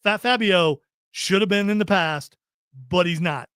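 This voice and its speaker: Joking Ohio podcast host, slightly high. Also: male voice, a bit bright, smooth, no echo, studio quality. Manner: joking, rambling, quick to laugh. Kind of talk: casual chat reading stream comments.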